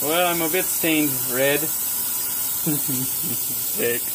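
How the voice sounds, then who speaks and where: A guy playing Shrek as a high whiny ogre. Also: slow, background noise. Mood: silly griping. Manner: goofy, whiny, repeats "donkey". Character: goofy male ogre, messy and dramatic. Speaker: comedy skit performer. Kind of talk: amateur comedy skit.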